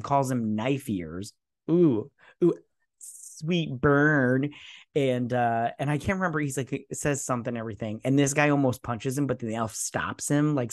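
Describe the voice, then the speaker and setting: A man's voice: medium pitch, a little mellow, no room sound, studio quality. Crude, rambling male show reviewer. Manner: crude, mocking, loose paraphrase; hesitant, searching for names. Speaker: host of a TV review channel. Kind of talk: casual episode recap and review.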